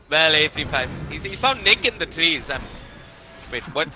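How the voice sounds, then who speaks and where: A man casting a live esports match, excitable play-by-play that climbs during big fights. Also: on the high side, poor audio. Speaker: esports caster. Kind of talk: live game commentary.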